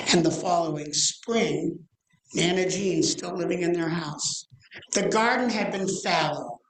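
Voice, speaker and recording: Animated man in his sixties telling a story in a roomy church. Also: high voice, vocal fry. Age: 60s. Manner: animated storytelling with drawn-out dramatic pauses. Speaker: guest speaker, rabbi. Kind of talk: storytelling sermon. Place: church sanctuary.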